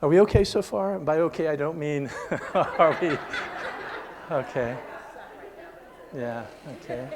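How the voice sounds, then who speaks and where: At a Christian seminar, an older man preaches in a talky, sincere way, often pausing to check in with the audience. His voice is medium in pitch, and he lowers it to a soft whisper whenever he's telling a story.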